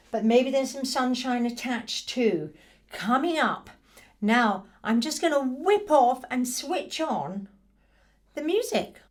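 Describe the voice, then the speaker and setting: A middle-aged woman, an early years music teacher, demonstrating baby music activities in a gentle, playful, sing-song way. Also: fairly high pitch.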